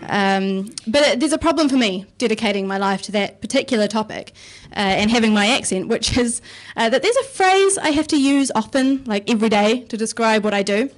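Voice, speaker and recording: Kiwi accent young woman doing stand-up on a club stage, dry sarcastic jokes, a bit high pitched. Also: animated, fairly quick, few pauses. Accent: New Zealand. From New Zealand. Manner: sarcastic, wry, swears casually. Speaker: stand-up comedian. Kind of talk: stand-up comedy set.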